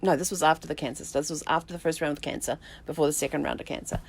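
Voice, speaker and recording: Speaking straight to her audience, this vlog host and family tree researcher, a middle-aged woman, has a low, gravelly voice. Her telling of a personal memory is unhurried and reflective, broken by halting restarts and gentle "um"s.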